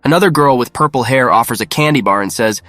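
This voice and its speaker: Male narrator, mid-pitched, even matter-of-fact read, dry close sound. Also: fast, dry recording, faint music behind. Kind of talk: scripted narration.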